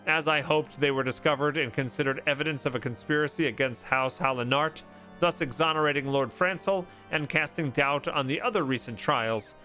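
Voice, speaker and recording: A remorseful male guardsman pours out his confession in a grave, steady voice, read aloud by a man. The tone is bright and clear. Soft game music plays underneath. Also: on the high side, fairly quick.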